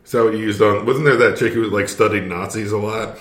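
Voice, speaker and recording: A man co-hosting a podcast in casual chat. He thinks out loud in a wry, hesitant way, full of likes and trailing thoughts. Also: lowish voice, fairly even intonation, a little fast. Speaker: podcast co-host.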